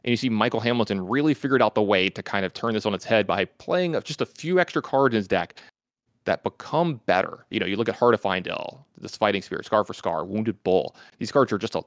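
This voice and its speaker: An American man in his thirties breaks down a card game match at a rapid clip. His voice sits a bit low, with a dry, close sound and lots of filler words. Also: animated, no room sound. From United States. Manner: analytical, talks fast with many fillers. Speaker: commentator.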